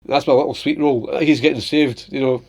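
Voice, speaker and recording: A man's voice: medium pitch, steady tone, moderate pace, a little mellow. A young adult man casually telling funny stories about his pet and his workplace, laughing often and slipping into little voices. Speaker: vlogger. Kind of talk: casual storytelling.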